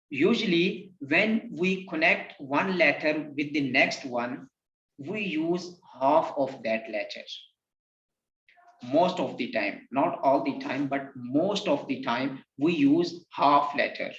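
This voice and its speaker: Slow, patient male Quran teacher. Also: fairly high pitch, a bit bright. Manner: patient, repeats letter names for the learner to echo. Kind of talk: slow recorded lesson with call-and-repeat drills. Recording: roomy, dull lo-fi sound.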